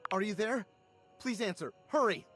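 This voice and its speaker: A man's voice: high voice, animated, moderate pace, a bit bright, faint music behind. A man voicing an anxious male scientist in a video game, urgent, nervous and wordy. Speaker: game character.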